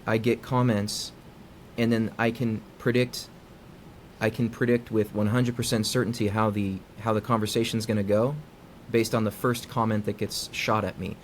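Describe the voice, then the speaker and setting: A man, a psychologist being interviewed, explaining in a conversational way and acting out quoted dialogue with lively inflection. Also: on the low side, normal speed, slight background noise. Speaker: guest psychologist.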